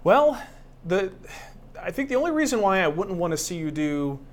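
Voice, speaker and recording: A man's voice: high voice, sing-song, moderate pace. A middle-aged man co-hosting a woodworking live show, chatty, joking and self-mocking. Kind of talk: casual live-stream banter.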